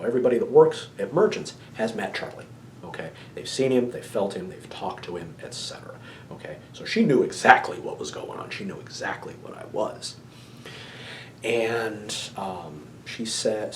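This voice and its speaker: Low-voiced man telling a ghost story. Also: reverberant, a little hiss or hum, low-quality recording. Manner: drops to hushed asides, keeps checking in with "okay?". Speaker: ghost tour guide.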